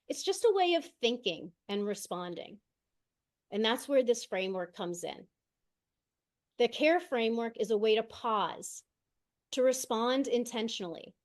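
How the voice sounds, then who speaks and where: A woman giving an online conference talk as an educator, explaining steadily and often adding a quick "right?", heard through a video call mic set far from her. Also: on the high side.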